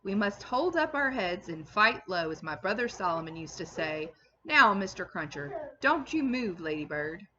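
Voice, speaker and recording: A woman with a mid-range, sing-song voice reads at normal speed, playing a fussy, outspoken older English servant, loyal yet quick to scold, loud, emphatic and opinionated. She sounds like a teacher reading a classic novel to a class, though the recording is muffled with slight background noise.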